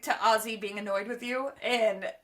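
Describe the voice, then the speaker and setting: A woman's voice: fairly high pitch, steady tone, moderate pace. A woman hosting a casual podcast chat, giggly and enthusiastic as she reacts to stories. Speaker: podcast host, daughter.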